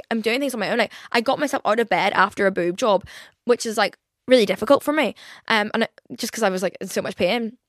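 A young woman hosts her own podcast alone, rambling casually, peppering her talk with "like," and swearing often. Her mid-range voice is slightly bright, and the recording is studio quality with no echo.

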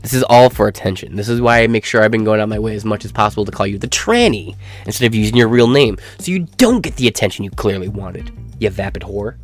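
A man's voice: lowish voice, expressive, fast, few pauses, soft background music. A man ranting through a commentary with crude, profane, sneering talk.

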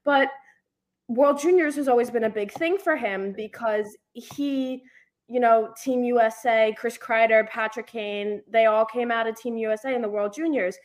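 A young woman co-hosting a casual podcast chat, telling animated stories and acting out what people said. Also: fairly high pitch, moderate pace. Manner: animated storyteller acting out quotes. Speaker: podcast co-host.

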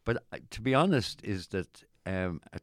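A middle-aged Irish man chatting casually as an interviewee, rambling and halting with many restarts. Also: on the low side, animated, no echo, clean studio sound. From Ireland. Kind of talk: casual chat.

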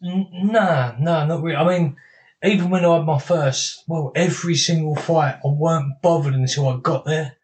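Man, slightly high voice, sweary laughing storyteller, casual chat. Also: steady tone, normal speed, a little mellow, a little hiss or hum. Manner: swears a lot, laughs through stories. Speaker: guest, former boxer.

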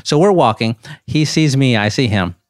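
A man with a middle-pitched voice tells a casual story as a podcast guest, recorded dry and close. He builds suspense and climbs into high-pitched disbelief. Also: moderate pace, no echo. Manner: animated storyteller, rises into disbelief.

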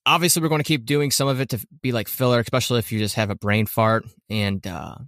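Bright-voiced rambling man. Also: mid-range voice, quick pace, dry recording, clean studio sound. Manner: rambling, self-correcting, laughs often. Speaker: podcast co-host. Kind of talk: casual chat.

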